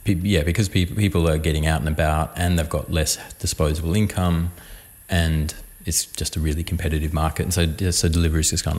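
A man, chatting casually on a podcast in quick bursts with restarts. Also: extremely low pitch, little pitch movement, a little mellow. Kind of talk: casual chat.

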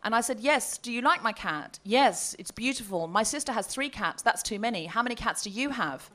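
Bright, animated woman telling a comedy story. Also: a little high, a little fast, hardly any pauses. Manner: animated, laughing, quoting messages in mock voices. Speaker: podcast co-host telling a story. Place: live comedy festival show.

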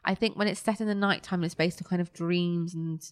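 A woman's voice: lowish voice, fairly even intonation, a little fast, dry recording. A young woman co-hosting a casual podcast, chatting and retelling scenes with little quoted voices. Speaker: podcast co-host. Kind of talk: casual chat reviewing a kids' show.

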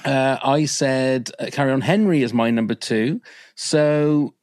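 A man's voice: medium pitch, fairly even intonation, measured pace, a little mellow, dry recording, clean studio sound. A man hosting a podcast, chatting casually and joking, often laughing. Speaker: podcast host.

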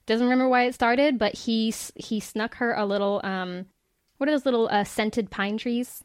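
A woman's voice: fairly high pitch, normal speed, clear, resonant tone, dry recording, clean studio sound. A woman in her thirties co-hosting a podcast, retelling a book's plot in casual chat with lots of fillers. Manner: animated storyteller, many fillers. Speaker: podcast co-host presenting a book.

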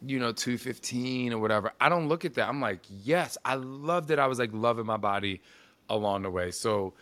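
In a casual interview, a man in his forties tells stories animatedly and expressively, dropping "like" often along with the odd swear word. His voice is medium-pitched and brisk.

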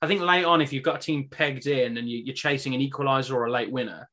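A man's voice: mid-range voice, fast, pushed and bright. A young man co-hosting a casual fan podcast, chatty and a little hesitant. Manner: chatty, hesitant, laughs easily. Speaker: podcast co-host.

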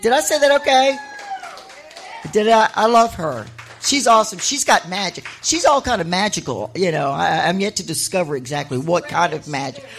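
A middle-aged woman and author telling stories live on stage to an audience, chatty and animated, with laughing asides. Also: on the low side, brisk, creaky, hardly any pauses, faint music behind. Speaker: author and honorary mayor addressing an audience.

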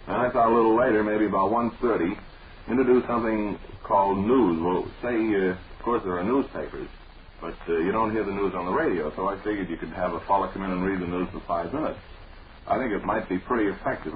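A man from Lowell, hosting a 1940s radio show and reading listener mail with dry, mock-earnest deadpan humor. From Lowell, Massachusetts. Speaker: radio host. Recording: dull old 1940s radio broadcast with faint hiss.

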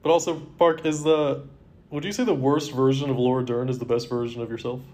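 A man's voice: medium pitch, steady tone, brisk, darkish tone. A man co-hosting a podcast in casual chat, talking in a rambling, laid-back way. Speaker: podcast co-host.

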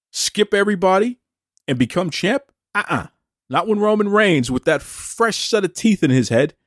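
Brash man ranting, lively pitch. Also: no echo, clean studio sound. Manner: brash, mocking, taunts in direct address. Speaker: wrestling podcast host. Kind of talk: opinionated rant.

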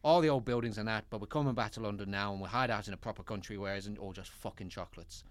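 A man's voice: lowish voice, fast, no echo, pitched below the performer's own voice, natural voice. A man playing a blunt, grumpy hitman. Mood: grumbling. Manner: blunt, exasperated line reading. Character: grumpy male hitman, impatient. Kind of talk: comic script read-through.

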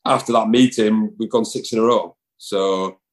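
A man's voice: on the low side, fairly even intonation, moderate pace, rough recording. A man, a rugby player chatting casually in an interview, rambling with lots of fillers and restarts. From England.

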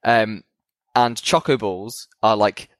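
A man's voice: lowish voice, slow, no echo. A man co-hosting a podcast, rambling and chatty with frequent laughter. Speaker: podcast co-host. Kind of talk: casual podcast chat.

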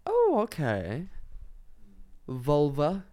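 A man's voice: fairly high pitch, huge pitch swings, very slow, warm tone. A man co-hosting a podcast, arguing indignantly in casual banter and swearing often. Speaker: podcast co-host.

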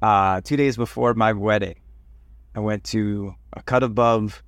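Low gravelly podcast host from Cleveland. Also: male voice, measured pace, dry recording, studio quality. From Cleveland, USA. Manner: chatty, animated storyteller. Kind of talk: interview with personal anecdotes.

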